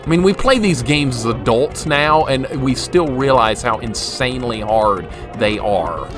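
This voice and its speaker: A man's voice: medium pitch, lively intonation, measured pace. A young man streaming a retro game live, commenting as he plays, getting frustrated, joking and laughing while he reads and answers his chat. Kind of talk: live gameplay commentary chatting with viewers. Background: game music.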